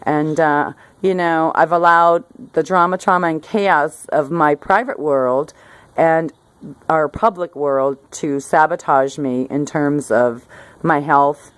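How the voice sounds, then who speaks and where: A middle-aged woman with a low voice talks to her camera outside by a hillside garden. She rambles and restarts her sentences, laughing now and then as she goes. It sounds like a relaxed chat about her day. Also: slow, clean tone, dry recording. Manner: rambling, self-interrupting, laughs often. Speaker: vlogger. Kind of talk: casual talk to camera.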